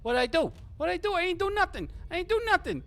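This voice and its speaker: A man voicing a squirrely small-time fence, a wannabe big shot pleading in a high, panicky voice. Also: big pitch swings, quick pace, a bit bright, heavily acted.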